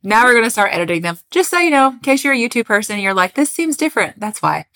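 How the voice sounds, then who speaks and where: Speaking very fast with an expressive, sharp medium-pitched voice, a woman co-hosts a podcast. She tells a history story in a casual, chatty way, frequently laughing and poking fun at her own pronunciation.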